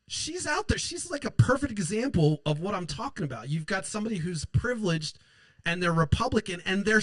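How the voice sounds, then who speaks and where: A man's voice: high voice, a bit bright, no room sound, rough recording. A man hosting a show, ranting about politics in a heated, profane, rambling way. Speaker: host.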